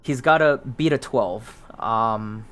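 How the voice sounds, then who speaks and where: A man's voice: fairly low pitch, takes it slowly, a bit bright, clear, resonant tone. A man casually narrating a solo tabletop game, thinking aloud through dice rolls with plenty of ums.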